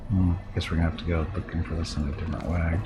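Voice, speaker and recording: A man's voice: deep voice, little pitch movement, rapid-fire, lo-fi sound. A man with a Southern Californian accent giving rambling, self-deprecating commentary while live-streaming a game. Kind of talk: casual live gameplay commentary. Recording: noisy background.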